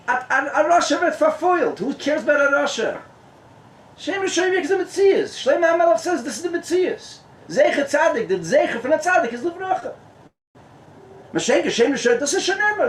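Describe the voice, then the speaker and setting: A man, a rabbi, giving a lively Torah talk at a gathering, mixing in Hebrew and Yiddish terms and laughing often. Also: sits high, a little hiss or hum. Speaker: rabbi, guest speaker. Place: tent. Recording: echoey and distant room sound.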